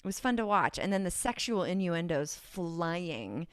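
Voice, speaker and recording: A woman's voice: on the low side, big pitch swings, unhurried, clear, resonant tone, no room sound, clean studio sound. A woman with a Californian accent, a podcast guest who rambles and giggles through casual chat, full of ums. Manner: rambling, giggly, many fillers.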